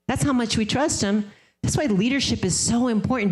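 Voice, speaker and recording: A woman's voice: fairly high pitch, a little fast, darkish tone. A woman speaking at a sales leadership seminar, emphatic and casual, often repeating phrases for effect. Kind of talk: motivational seminar talk.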